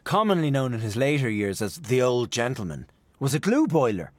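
A man voicing a genial gentleman in a storybook reading, telling a tale in a mock-grand, humorous manner. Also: mid-range voice, big pitch swings, brisk, no echo.

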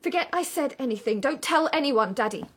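A woman's voice: high-pitched, animated, a little fast, fairly bright tone, slightly rough, heavily acted. A woman playing an earnest, dutiful young bride, speaking breathily. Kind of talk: stage or radio play acting.

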